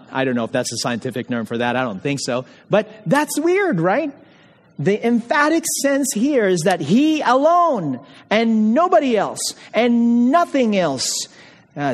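A man preaching an expository sermon, emphatic, repeating key phrases and putting questions to the congregation. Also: on the high side. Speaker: pastor. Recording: long hall reverb.

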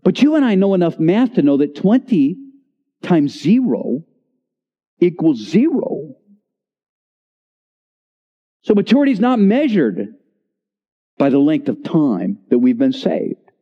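A man in his sixties preaching a sermon in a church, with dramatic pauses and voice dropping low on key words. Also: very animated. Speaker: pastor. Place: church sanctuary. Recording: reverberant church hall, slightly dull.

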